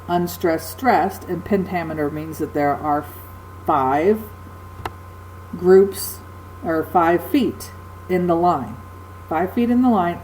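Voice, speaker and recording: A woman's voice: fairly low pitch, darkish tone, a little hiss or hum, rough recording. A woman teacher giving a recorded lecture, explaining patiently with frequent ums and uhs.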